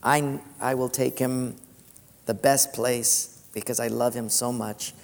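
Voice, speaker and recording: A man voicing God as a loving, all-knowing father who speaks softly and reassuringly. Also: steady tone, slow pace, gravelly. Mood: tender. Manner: soft, low, reassuring. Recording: long hall reverb.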